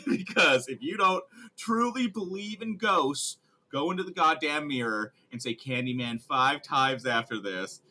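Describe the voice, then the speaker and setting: A man's voice: a little high, unhurried, bright, forceful tone. A man co-hosting a casual podcast, laughing often and swearing freely as he chats. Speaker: podcast co-host.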